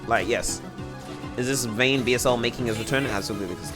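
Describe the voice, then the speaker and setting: A young man chats with his live stream viewers, rambling through answers with plenty of fillers. His voice sits at an ordinary middle pitch. Faint game music plays behind him. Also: quick pace. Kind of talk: casual chat with live viewers.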